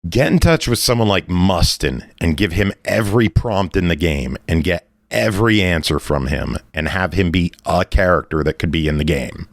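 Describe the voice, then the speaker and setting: A man co-hosting a podcast, chatting casually and pitching ideas in an easygoing, meandering way. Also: lively intonation, normal speed, few pauses, no room sound, clean studio sound.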